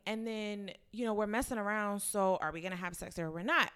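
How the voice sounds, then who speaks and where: A woman's voice: medium pitch, brisk, a bit bright, clear, resonant tone. A woman in her twenties, a guest telling a candid story in casual chat, laughing often. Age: 20s.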